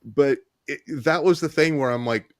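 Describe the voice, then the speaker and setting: A man co-hosting a show, telling a story in a casual, halting way with many restarts and "you know"s. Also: on the high side, no echo, clean studio sound. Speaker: co-host hypnotist.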